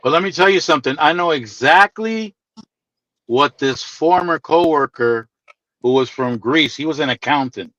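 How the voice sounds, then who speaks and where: A man's voice: a little high, lively intonation, moderate pace, pushed and bright, no room sound, highs cut off. A man in casual group chat, telling stories in a playful, teasing way.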